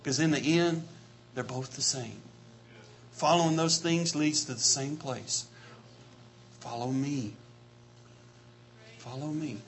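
A man preaching a sermon with passion, repeating his phrases and building to shouts. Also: medium pitch, slow, long pauses, a little hiss or hum.

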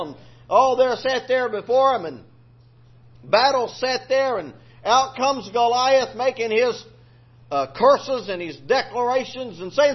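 A man's voice: very high-pitched, husky. A male preacher telling a scripture story in a homespun, colloquial sermon. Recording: lo-fi recording.

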